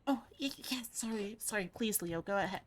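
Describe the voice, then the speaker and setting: A woman voicing a bubbly, excitable young female deer furry in a visual novel, gushing and squealing with enthusiasm. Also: mid-range voice, brisk, a little hiss or hum, voice pushed up, close to an everyday voice. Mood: apologetic eager.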